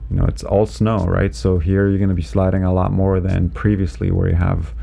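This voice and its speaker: A man who is a driving instructor, explaining winter driving in a relaxed, chatty way from inside his car, with lots of "you know" and "right?". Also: sits low, brisk, gravelly. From Canada. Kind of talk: casual instructional commentary while driving.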